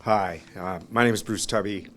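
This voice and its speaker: A man's voice: lowish voice, fairly even intonation, moderate pace, a little hiss or hum. A man giving an informal memorial tribute at a restaurant gathering, rambling through anecdotes, acting out other people's lines, emotional and laughing between lines. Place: restaurant, gathering of friends and family.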